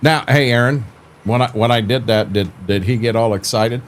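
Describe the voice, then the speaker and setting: A man's voice: mid-range voice, normal speed. An older man chatting casually on a live stream about farming games, laid-back and folksy, often stumbling and repeating words.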